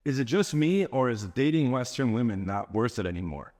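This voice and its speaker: A man's voice: medium pitch, lively intonation, fairly quick, darkish tone, in a large hall. A man giving a social media monologue as a dating coach, assertive and declarative.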